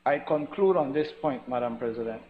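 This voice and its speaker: A man with a Belizean accent giving a formal, measured speech in a senate chamber, stressing each point. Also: mid-range voice. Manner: measured, emphatic, repeats formal address. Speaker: senator presenting a resolution. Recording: lo-fi recording with long hall reverb and faint noise.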